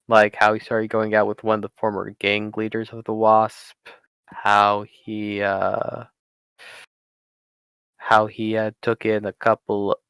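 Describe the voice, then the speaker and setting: A man narrating as game master in a tabletop game over voice chat, halting and full of fillers. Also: lowish voice, a bit bright, smooth, dry recording. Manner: halting, many fillers and restarts.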